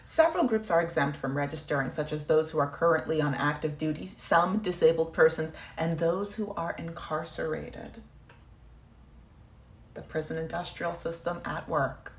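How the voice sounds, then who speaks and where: A woman's voice: deep voice, moderate pace. Impassioned woman in an echoey room. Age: 30s. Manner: impassioned, animated, sarcastic. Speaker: video creator. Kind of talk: political commentary vlog.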